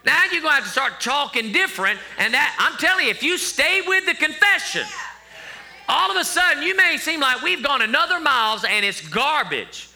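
Bright, lively-voiced male preacher. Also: extremely high pitch, moderate pace, vocal fry. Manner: conversational, joking asides to the congregation. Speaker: pastor. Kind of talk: sermon.

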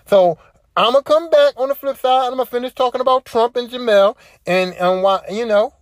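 A woman's voice: on the high side, brisk, no echo. A woman hosting a solo podcast, ranting in a casual, profane, repetitive way. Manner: profane, repetitive, worked-up commentary. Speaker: podcast host.

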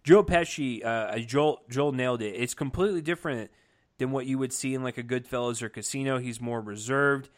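Guy chatting excitedly about a movie, um and uh everywhere, middling pitch. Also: fairly quick. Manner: enthusiastic, many fillers and restarts. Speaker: film reviewer. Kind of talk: casual movie review chat.

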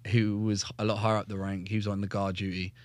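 A man's voice: fairly low pitch, little pitch movement, fast talker, darkish tone, no room sound. A man in his thirties, a fighter and former soldier, swears constantly and acts out his story in a casual interview. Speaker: podcast guest, UFC fighter and ex-soldier.

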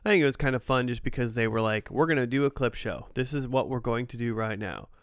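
A man hosting a podcast, talking in a relaxed, chatty way about a TV episode. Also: medium pitch, fast talker, clear, resonant tone, no room sound. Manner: relaxed, chatty, quotes scenes with raised voice. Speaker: podcast host. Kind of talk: casual chat.

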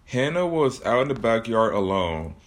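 A man's voice: on the low side, big pitch swings, moderate pace. A man telling a comic horror story with jokey asides about his own plot.

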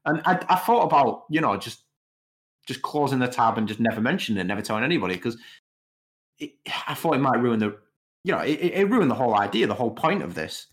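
Very animated and quick-talking, a young man in his twenties with a medium-pitched voice co-hosts a podcast. He rambles casually, hesitating often and repeating "you know."

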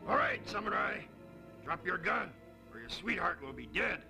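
A film gangster villain who taunts and threatens his enemies. His voice sits high and gravelly and rises and falls sharply. A loud film score plays behind him. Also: sing-song, moderate pace, over music, heavily acted. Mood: taunting. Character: menacing gangster boss villain, man.

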